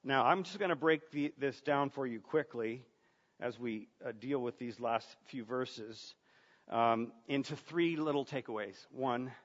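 Earnest pastor preaching in a reverberant hall. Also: male voice, medium pitch, measured pace. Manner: earnest, rhetorical questions, repeats words. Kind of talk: sermon. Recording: dull sound, long reverb of a large room.

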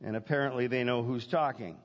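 A man preaching a sermon as pastor, emphatic, building points through repetition and dramatic pauses. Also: medium pitch. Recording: dull lo-fi sound with long hall reverb.

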